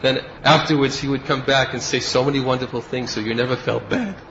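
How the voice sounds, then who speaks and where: A man's voice: mid-range voice, fairly even intonation, fairly quick, fairly bright tone, muffled recording, a little hiss or hum. A man giving a devotional lecture as a spiritual teacher, telling stories and acting out the quoted speech of the people in them. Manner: storytelling, acts out quoted speech.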